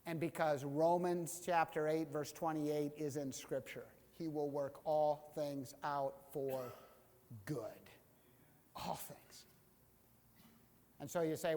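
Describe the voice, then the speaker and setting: A man preaches from the pulpit, his voice sitting high for a man. He acts out the quotes he tells with energy, and a long reverb from the sanctuary trails each phrase. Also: slow pace. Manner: animated, acting out voices in quotes. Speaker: pastor. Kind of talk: sermon. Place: church sanctuary.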